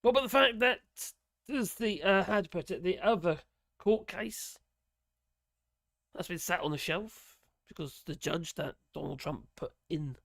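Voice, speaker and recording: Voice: medium pitch, expressive, measured pace, gravelly, no room sound. A host giving rambling, casual commentary on a live stream and reading out viewers' chat messages. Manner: rambling, chatty, sighs and laughs between remarks.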